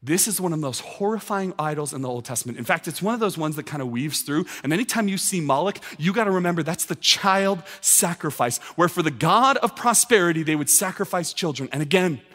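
A man in his thirties preaches in a large hall, his words ringing out with a long echo. His voice sits a touch high for a man. He drives his points home with insistent, repeated phrases. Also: lively intonation, fairly quick, hardly any pauses, a bit bright. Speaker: pastor. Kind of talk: sermon.

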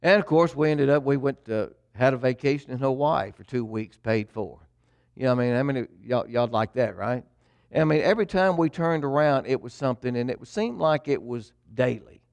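A middle-aged preacher, a man chatting through a personal testimony in an easygoing, folksy way. His voice sits at an ordinary pitch for a man and sounds dry and close, with no room around it. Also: fairly quick, gravelly, a little mellow, no room sound. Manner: folksy storytelling, addresses congregation. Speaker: pastor. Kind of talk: sermon testimony.

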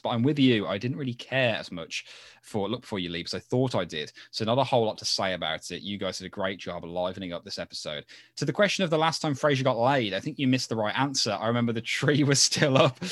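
A man's voice: medium pitch, fairly bright tone, no echo, clean studio sound. A man co-hosting a podcast, chatting casually and reading out listener mail with lots of fillers. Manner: chatty, many fillers, quick laughs. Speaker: podcast co-host.

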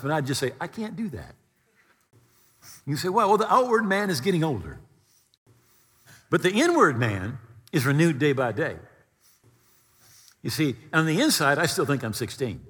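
Husky seventy-year-old preacher in a reverberant hall. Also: male voice. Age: 70s. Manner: expressive preaching, reading scripture aloud with sudden rises and drops in pitch. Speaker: pastor. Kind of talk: sermon.

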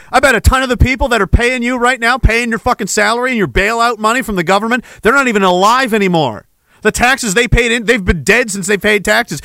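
A man hosting a podcast in a fiery, profane rant that is full of sarcasm. His voice is high and bright. It sounds dry and close to the mic. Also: dry recording. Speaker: podcast host.

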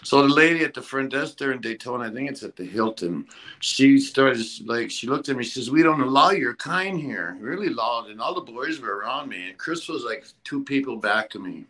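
A man who used to wrestle, telling road stories in a casual interview, halting and rambling with lots of fillers and blunt swearing. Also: mid-range voice, lively intonation, fairly bright tone, poor audio. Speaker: former pro wrestler guest.

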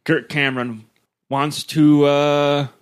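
A man's voice: on the high side, little pitch movement, slow pace, clear, resonant tone. A male podcast host in casual chat, rambling and profane, often laughing as he talks.

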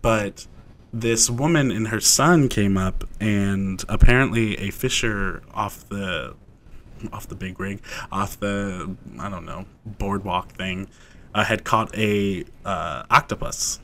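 A man's voice: fairly low pitch, slow pace, a bit bright. A young man co-hosting a podcast, telling a story in casual chat, rambling with lots of fillers and laughs. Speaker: podcast co-host.

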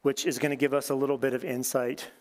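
A male pastor preaching a sermon and reading scripture aloud, talking in a conversational, animated way and putting questions to the congregation. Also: mid-range voice, fast.

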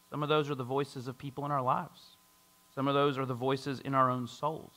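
A man's voice: mid-range voice, a little fast. A man preaching a sermon to a congregation, reading scripture and acting out a doubter's voice. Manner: lively preaching with a mocking skeptic voice and scripture reading. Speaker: pastor.

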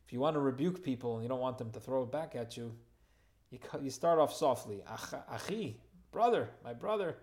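A man teaching a Torah lesson at an ordinary middle pitch, working through the text verse by verse. He reads each Hebrew phrase, then translates it into plain English. He adds casual, lightly humorous asides along the way. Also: quick pace. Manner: informal asides and gentle humor.

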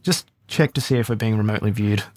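A man's voice: on the low side, quick pace, darkish tone, voice pushed down, close to an everyday voice. A man voicing a stern, stone-faced male spymaster who speaks in a clipped, formal way.

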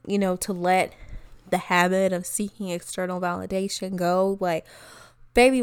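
Young woman podcast host, cussing and candid, smooth clear voice, dry close sound. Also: mid-range voice, no room sound. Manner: candid, profane, laughs often, drawn-out reflective asides. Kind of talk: casual personal chat.

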